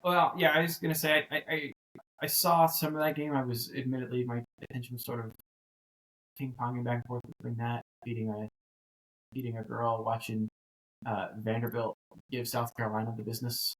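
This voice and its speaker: A man's voice: mid-range voice, a little fast, low-quality recording. Rambling man chatting about college football. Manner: rambling, animated, frequent restarts. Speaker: co-host. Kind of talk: casual sports chat.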